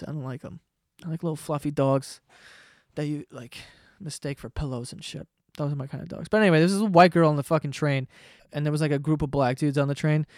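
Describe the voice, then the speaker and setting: A man's voice: a little high, dry recording, studio quality. A young man telling rambling, profane stories in a casual podcast monologue. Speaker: podcast host.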